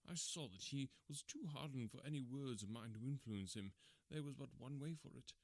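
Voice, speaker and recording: A man reading a classic detective story aloud in a measured, formal storytelling manner. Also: mid-range voice, animated, no echo. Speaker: audiobook narrator.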